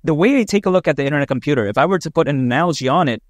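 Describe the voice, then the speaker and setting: Fast-talking man in a crypto vlog. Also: on the high side, animated, no room sound. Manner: chatty, emphatic, says "man" and "you know". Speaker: crypto channel host. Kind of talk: casual opinion vlog.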